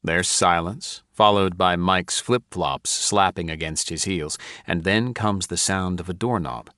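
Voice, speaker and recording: Male audiobook narrator, deep voice, measured, dry close-miked sound. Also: bright, forceful tone, no room sound. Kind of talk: first-person audiobook narration.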